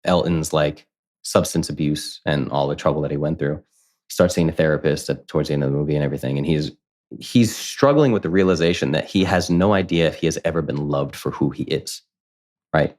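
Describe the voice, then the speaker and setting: A man in his thirties, a podcast guest, telling a personal story in casual conversation, candid and animated, acting out what others said. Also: extremely low pitch, a little fast. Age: 30s. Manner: candid, animated, quotes people in lively voices.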